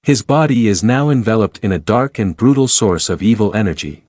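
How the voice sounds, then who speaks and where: A man reading a scripted recap of a fantasy comic in a steady storytelling manner. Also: on the low side, a little fast, no room sound, clean studio sound. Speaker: recap narrator. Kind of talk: scripted narration.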